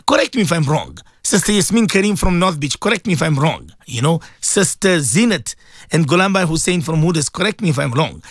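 Man, middle-aged, from South Africa, radio presenter, chatty, animated pitch, dry close sound. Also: creaky, no echo. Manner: chatty, affectionate, laughs often. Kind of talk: casual radio chat reading listener messages.

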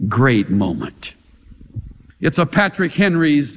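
A man's voice: a little high, big pitch swings, slow pace, long pauses, big-room sound. A man preaching a sermon in a dramatic, emphatic way, pressing his point with rhetorical questions.

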